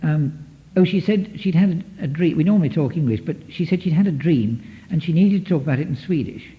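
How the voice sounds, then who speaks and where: Lively lecturing man on dull old tape. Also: a little high, fairly quick. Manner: lively, digressive, many restarts, taps out rhythms. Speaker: psychotherapist giving a lecture. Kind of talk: lecture to an audience.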